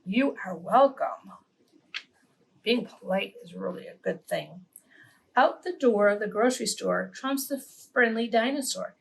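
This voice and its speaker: A woman reading a picture book aloud to preschool children, animated and pausing to ask her young listeners questions. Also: medium pitch, vocal fry, slightly rough. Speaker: children's story reader.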